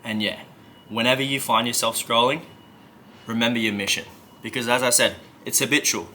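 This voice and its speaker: A man's voice: mid-range voice, fairly even intonation, fairly quick, bright, forceful tone, slight background noise. A man coaching viewers in an emphatic, conversational motivational talk, often checking in with "right?". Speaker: self-help coach.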